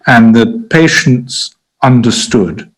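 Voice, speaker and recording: A man's voice: mid-range voice, animated, slow pace, faint music behind, rough recording. An older man, a former prison doctor on a podcast, telling stories hesitantly with frequent restarts and laughter. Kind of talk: conversational interview anecdotes.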